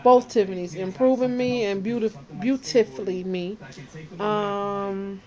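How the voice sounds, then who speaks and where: A woman's voice: mid-range voice, steady tone, unhurried, highs cut off. A woman vlogging in casual chat, talking to her viewers and greeting them one by one. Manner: chatty, shouts out viewers one by one.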